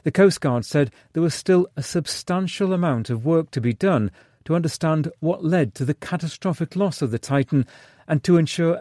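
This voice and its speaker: A man's voice: fairly high pitch, warm tone, no room sound, clean studio sound. Man filing a serious news report. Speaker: correspondent.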